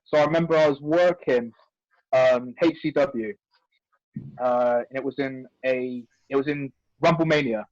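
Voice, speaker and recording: A male wrestler, telling a funny story from his career in a lively way. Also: mid-range voice, a little slow, no room sound. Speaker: wrestler guest. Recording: dry, dull lo-fi audio.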